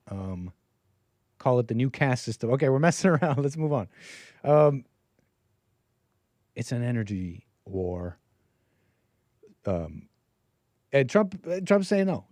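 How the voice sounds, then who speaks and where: A man's voice: medium pitch, expressive, measured pace, pauses often, darkish tone, no echo. A man hosting a live-stream call-in show, talking in a rambling, joking, loose way. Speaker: host.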